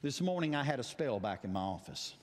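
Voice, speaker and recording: A man preaching a sermon as pastor, telling stories dramatically, swinging between loud cries and quiet asides. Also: mid-range voice, sing-song, fairly quick. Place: church sanctuary. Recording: long church hall reverb.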